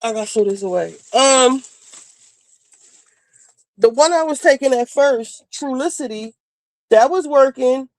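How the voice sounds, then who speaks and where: A woman's voice: sits high, unhurried, pauses often, darkish tone, no room sound. A woman panelist in casual chat, talking bluntly and rambling with plenty of swearing. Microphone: video call.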